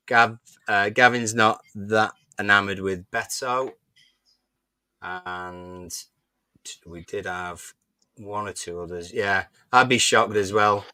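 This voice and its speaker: A man co-hosting a football fan chat, reading out predicted lineups in a relaxed, stop-start way. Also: low voice, slow pace, pauses often, clear, resonant tone, dry recording. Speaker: podcast co-host.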